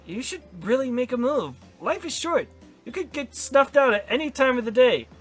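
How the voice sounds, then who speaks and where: A man's voice: extremely high pitch, animated, moderate pace, a bit bright, faint music behind, voice pushed up, full character voice. Sly scheming resort narrator, as a man puts him on. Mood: coaxing. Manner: sly, persuasive, evasive. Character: scheming smooth-talking male resort narrator.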